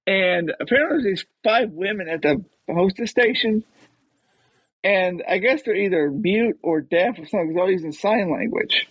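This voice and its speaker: High, husky male storyteller; casual, dry close sound. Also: lively intonation, normal speed, no echo, dull audio. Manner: rambling storyteller with restarts. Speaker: guest telling a story. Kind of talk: casual chat.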